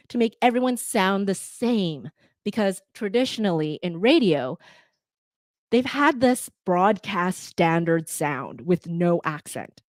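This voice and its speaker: A woman from Canada with a North American accent, a podcast editor talking to listeners in a lively, conversational way with fillers. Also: mid-range voice, dry recording, clean studio sound. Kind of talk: talk to listeners.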